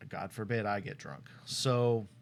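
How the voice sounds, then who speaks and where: A young man with a lowish voice tells a story in an easy, chatty way and brings the other people in it to life as he goes. He laughs often, and a faint hum of noise sits behind him. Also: unhurried, vocal fry. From Tucson, Arizona. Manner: animated storyteller, laughs often, acts out quotes. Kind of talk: casual storytelling chat.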